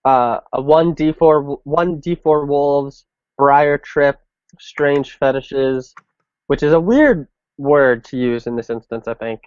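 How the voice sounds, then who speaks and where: A young man chatting casually about a game, hesitant and halting with many pauses. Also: a little high, a little mellow, smooth, no room sound, muffled recording. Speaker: younger brother, gaming channel host. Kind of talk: casual chat.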